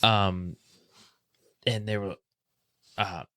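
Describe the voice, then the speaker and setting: Low-voiced man telling a story. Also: extremely slow, dry recording, studio quality. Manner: animated, acts out quoted voices. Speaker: podcast guest. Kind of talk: casual storytelling.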